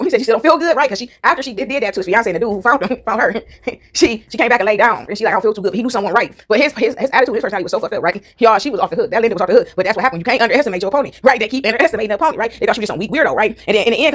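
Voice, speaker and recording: A woman casually retelling a movie plot to her listeners, animated and laughing often. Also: mid-range voice.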